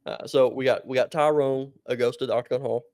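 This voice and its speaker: A male podcast co-host with a gravelly voice tells a story in a loose, meandering way. He breaks into laughter often. His voice sits close and dry. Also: mid-range voice, steady tone, fairly quick, a little mellow, no room sound. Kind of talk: casual podcast chat.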